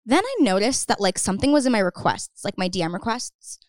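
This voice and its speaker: A young woman talks quickly and casually, piling on fillers as she tells her story to a podcast host. The recording is dry and close, with no room sound. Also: medium pitch, animated, dry recording. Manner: fast, chatty, lots of "like" fillers. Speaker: podcast guest.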